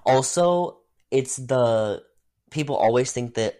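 A young man co-hosting a podcast in casual chat, animated, laughing often and jumping into high voices when he quotes people. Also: normal speed. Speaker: podcast co-host.

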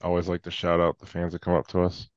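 A man's voice: sits low, monotone, fast, no echo. A tired man co-hosting a casual podcast, blunt and laid-back. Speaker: podcast co-host. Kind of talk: casual chat. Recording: dull lo-fi sound.

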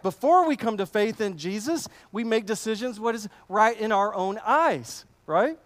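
Pastor, male, high-pitched, casual emphatic sermon delivery with frequent restarts. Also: expressive, moderate pace, hardly any pauses. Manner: conversational, emphatic, repeats phrases.

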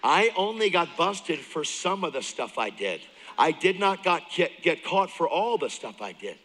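Male guest preacher with a bright, forceful voice, animated testimony with loud bursts and hushed asides. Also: on the high side, measured pace, in a large hall, rough recording. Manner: animated storytelling, jumps between loud and hushed; laughs often, talks straight to the crowd. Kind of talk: sermon, personal testimony. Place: church service.

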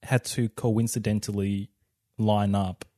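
A young Australian man co-hosting a casual couple's vlog, joking and teasing his partner with quick asides. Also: lowish voice, flat delivery, warm tone, no room sound, studio quality. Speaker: vlog co-host.

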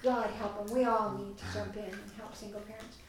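A woman leading a parenting class for a small group, chatty and lively in how she tells stories. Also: medium pitch, a little fast, noisy background. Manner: chatty, acts out quoted voices. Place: meeting room with a small group. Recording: echoey room, mic far off.

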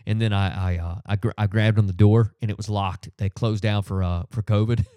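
A middle-aged man hosting a podcast, telling a story in a profane, animated casual rant full of fillers. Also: lowish voice, brisk, smooth, no room sound. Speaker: podcast host. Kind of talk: ranting casual monologue.

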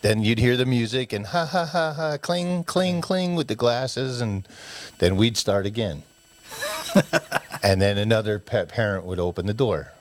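A man's voice: medium pitch, measured pace. A man from the United States casually telling childhood stories, acting out his parents' voices as he goes. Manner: animated storyteller who acts out parents' voices. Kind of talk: casual storytelling chat.

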